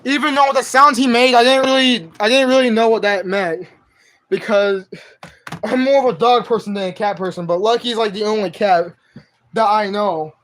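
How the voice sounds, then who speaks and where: A man's voice: high-pitched, steady tone, normal speed, fairly bright tone. A young man live streaming from home on his phone, chatting to his cat in slangy, profane speech. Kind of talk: casual live stream chat.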